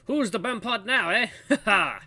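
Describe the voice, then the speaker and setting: A man's voice: sits high, normal speed, pitched above the performer's own voice, full character voice. A man voicing cranky old male night watchmen in a game, bickering in a folksy old-timer dialect. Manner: squabbling, excitable.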